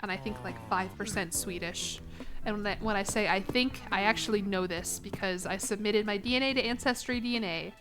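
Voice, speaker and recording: A woman's voice: mid-range voice, fairly quick, music in the background. A young American woman streaming a game, chatting in a rambling way with lots of restarts, a bit congested. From United States. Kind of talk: casual gaming stream chat.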